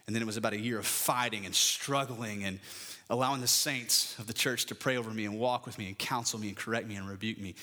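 A man's voice: fairly low pitch, steady tone, quick pace, sharp tone. A middle-aged man preaching a sermon, building emphatic lists and telling a personal story from the pulpit. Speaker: pastor.

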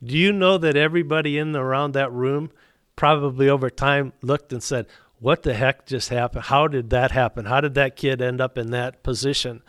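A man's voice: medium pitch, a bit bright, clear, resonant tone, dry recording, studio quality. A middle-aged man, a business owner telling his faith story as a guest, acting out both sides of the dialogue. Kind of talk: storytelling testimony.

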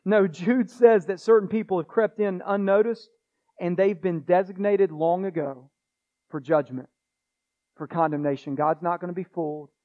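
A man's voice: high-pitched, fairly even intonation, moderate pace, phone-quality sound. A man pastor preaching a sermon in an earnest way, repeating phrases and restarting himself as he presses his points.

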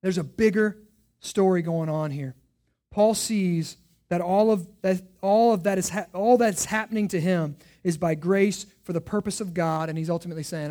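A man preaching a sermon as pastor, asking rhetorical questions and swinging from hushed lines to loud emphatic ones. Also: high voice, moderate pace.

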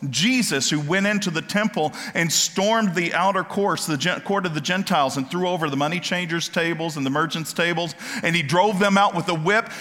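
A man preaching a sermon, dropping to quiet asides and rising to loud, impassioned questions. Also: fairly high pitch, brisk, hardly any pauses, in a large hall. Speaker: pastor.

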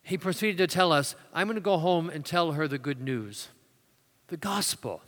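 A man preaching a sermon, moving between loud emphatic declarations and quiet, hushed storytelling. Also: fairly high pitch, expressive, normal speed. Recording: long hall reverb.

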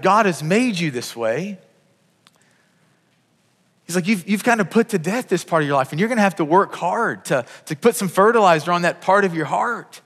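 A man's voice: high voice, fairly bright tone. A man in his thirties preaching a conversational sermon as pastor, often repeating words and restarting his phrases. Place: church sanctuary. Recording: long reverb of a large hall.

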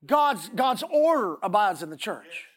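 A man's voice: high-pitched, big pitch swings, a little slow, fairly bright tone. A middle-aged man preaching a sermon, often repeating words and asking the congregation "Amen?".

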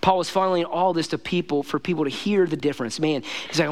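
A man's voice: on the high side, fast talker. A male pastor giving a casual, conversational sermon, emphatic and repetitive, often saying "man" and "listen to me.".

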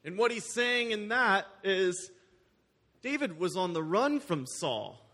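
Preacher with a higher voice in a reverberant hall. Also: male voice, big pitch swings, takes it slowly, pushed and bright. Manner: conversational, explains the story in plain words. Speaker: pastor. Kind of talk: sermon, reading scripture with casual asides.

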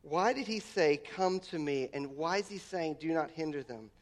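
A man's voice: fairly high pitch, expressive, moderate pace. A man preaching a sermon, building emphasis through repeated phrases and stumbling restarts. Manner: emphatic, repeats words, voice rises on key lines. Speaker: pastor.

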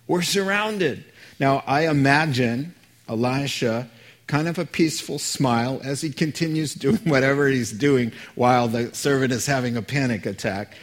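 A man's voice: medium pitch, moderate pace. A man preaching a sermon as a pastor, conversational and joking with the congregation.

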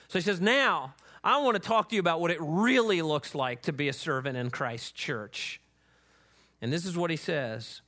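High, bright-voiced preaching man. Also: brisk. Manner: animated, emphatic preaching with frequent "right?" asides; reads scripture aloud with rising intensity. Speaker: pastor. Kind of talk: sermon.

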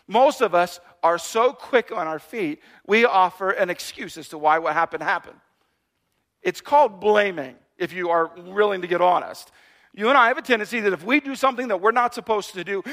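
A man giving a sermon, in a conversational, animated preaching style with playful asides to the congregation. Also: high voice, normal speed. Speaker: pastor.

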